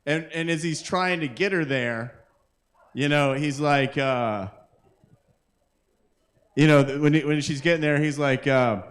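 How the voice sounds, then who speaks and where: A man's voice: a little high, a little slow, pauses often. Rambling man doing crude stand-up. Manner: rambling, self-interrupting, crude jokes to the crowd. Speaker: comedian and open mic host. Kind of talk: live stand-up comedy. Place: live open mic at a kava bar.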